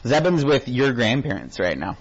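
A man teaching an informal Bible study. He reads scripture aloud slowly and deliberately, then talks loosely with his class in a church classroom. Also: medium pitch, sing-song. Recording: dull lo-fi recording.

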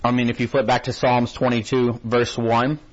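A man teaching an informal Bible study. He reads scripture aloud slowly and deliberately, then talks loosely with his class in a church classroom. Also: mid-range voice, flat delivery, a little hiss or hum. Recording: dull lo-fi recording.

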